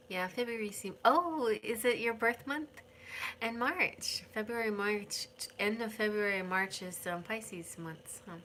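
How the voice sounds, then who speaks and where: A middle-aged woman does a chatty, meandering tarot reading on a home live stream, crooning names and chatting to her cat. Her medium-pitched voice is a bit bright and unhurried, with slight background noise.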